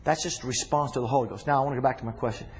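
A man preaching a sermon to a congregation in a church, talking casually to the room and breaking into loud shouts. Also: mid-range voice, racing, a little hiss or hum. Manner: animated, shouting bursts and conversational asides to congregation.

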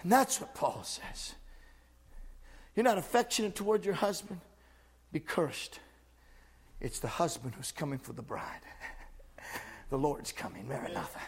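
A man's voice: fairly high pitch, lively intonation, a little slow, pauses often, breathy edge. A man preaching a sermon with fervent, emphatic repetition.

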